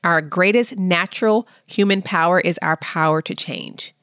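A woman hosting a podcast, speaking slow, earnest affirmations. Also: fairly low pitch, fairly bright tone, no echo, clean studio sound. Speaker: podcast host. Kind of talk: slow motivational podcast talk.

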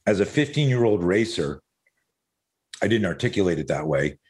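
A man's voice: low-pitched, sing-song, normal speed, a little mellow. A middle-aged man from Canada, a podcast guest, telling stories in a loose, rambling way, swearing casually and drifting into tangents.

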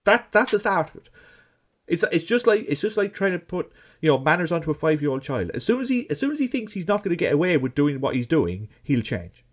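A man's voice: a little high, sing-song, fairly quick. A man on a football podcast, talking emphatically and acting out what people should say. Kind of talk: casual football podcast chat.

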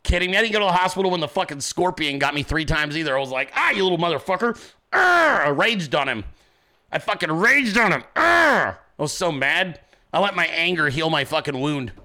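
A man's voice: a little high, bright, forceful tone. A man hosting a political commentary show, talking in a brash, swaggering, profane monologue. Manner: brash, swaggering, heavy swearing.

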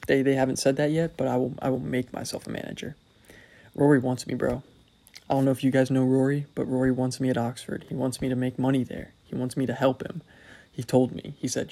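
A young man talks through a loose solo podcast, wandering from thought to thought and poking fun at himself with a dry, wry edge. His mid-pitched voice carries a gravelly fry. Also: little pitch movement, a little fast, dark tone. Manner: rambling, self-deprecating, wry. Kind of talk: casual solo podcast monologue.

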